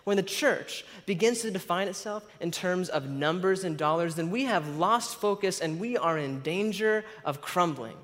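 A man's voice: high voice, lively intonation, moderate pace, few pauses, a bit bright. A man preaching a sermon who stumbles over his words and laughs at himself. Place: church sanctuary. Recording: long hall reverb.

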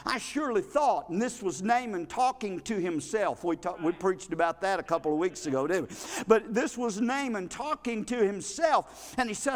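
A male pastor, preaching a folksy, animated sermon in a church, with frequent restarts. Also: high voice, normal speed. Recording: long reverb of a hall.

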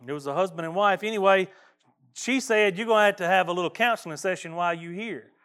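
High-voiced pastor preaching earnestly. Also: male voice, a little fast, fairly bright tone, clear, resonant tone. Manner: folksy and earnest, with repeated restarts. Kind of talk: sermon.

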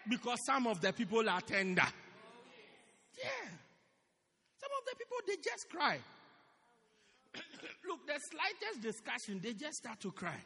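A male pastor delivers an animated sermon in a church with a high, lively voice that rises and falls freely. He leans on repetition, saying key phrases again and again for emphasis. The sound carries a long church-hall reverb. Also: unhurried, vocal fry, pauses often, breathy edge.

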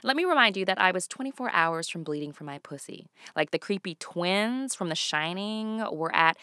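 A woman in her late thirties doing a stand-up comedy monologue, dropping to hushed asides and bursting into loud exclamations. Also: on the low side, lively intonation, normal speed, smooth, no echo, clean studio sound. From Canada. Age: 30s.

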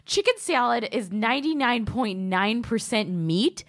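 A woman's voice: on the high side, lively intonation, a little slow, dry recording, clean studio sound. A woman hosting a casual podcast, stoned, giggling and teasing with a lot of swearing. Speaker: host.

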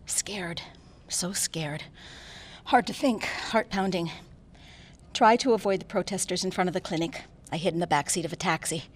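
An actress performing a dramatic stage reading as a frightened, defiant woman doctor under attack, moving from hushed dread to bursts of screaming. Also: on the low side, close to an everyday voice. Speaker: actor performing a diary monologue.

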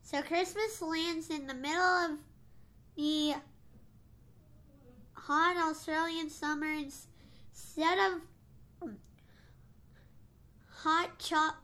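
Podcast co-host, woman, high and bright, unhurried, stumbling over words. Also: steady tone. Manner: halting, with many restarts. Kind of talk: casual podcast chat.

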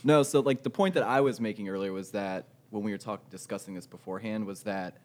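A man's voice: fairly low pitch, fairly quick. A man on a headset mic in a casual group chat, earnestly explaining his view as he thinks aloud.

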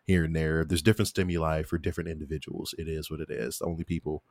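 A young man with a very deep, low voice tells a story in relaxed podcast chat. He animates the tale by jumping up in pitch when he quotes people. The sound is dry and close to the mic. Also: quick pace, no echo. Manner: animated, acts out quotes in a much higher voice. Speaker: podcast host.

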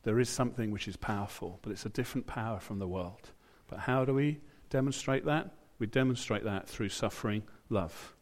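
A British man with a lowish voice preaches to his church. He keeps it chatty, drops in asides and acts out the lines he quotes. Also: a little fast, hardly any pauses. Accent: British English. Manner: conversational, with asides and acted-out quotes. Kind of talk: sermon.

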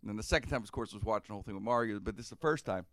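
A middle-aged man from Pennsylvania, a radio host telling a story in casual chat, animated and profane and laughing often. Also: on the low side, racing, dry recording.

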